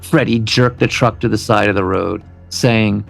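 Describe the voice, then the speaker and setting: A man's voice: on the low side, fairly even intonation, measured pace, gravelly, soft background music. A man co-hosting a podcast, reading a true crime story from a script and dropping his voice at the grim parts. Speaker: podcast co-host.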